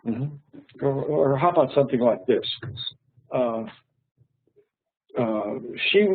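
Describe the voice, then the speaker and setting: Medium-pitched with a breathy edge, this animated man talks slowly and leaves long pauses. Patient and friendly, he teaches English online, repeating his words, and the call sounds tinny and phone-like.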